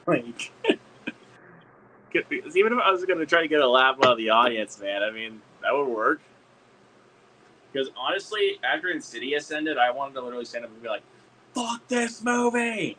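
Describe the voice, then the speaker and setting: A man streaming a casual hangout chat, excitable, swearing a lot and laughing often. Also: medium pitch, moderate pace, pauses often, slight background noise, rough recording.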